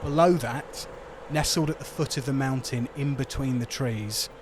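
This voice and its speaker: A man's voice: medium pitch, moderate pace, noisy background. A man narrating scenery as game master of a tabletop game, laid-back and chatty.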